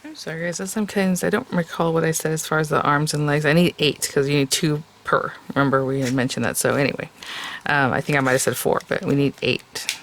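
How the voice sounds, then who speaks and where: A woman hosts a homey crafting tutorial in a loose, thinking-aloud way, often pausing on fillers. Her voice has a gravelly fry to it, and there is a faint hum of background noise. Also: low voice, steady tone. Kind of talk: casual step-by-step crafting tutorial.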